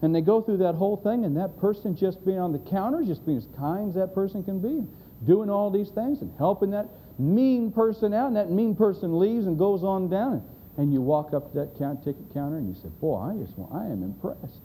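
A man's voice: high-pitched, a little fast, mellow, a little hiss or hum, rough recording. A man preaching a sermon, telling a folksy joke and acting out the voices. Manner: folksy storyteller, drawling, acts out voices.

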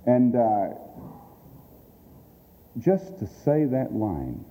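Very slow and sing-song, a man with a medium-pitched, warm voice gives an earnest sermon-style message about reaching people through radio. He repeats his points for emphasis, and the hall adds a long reverb.

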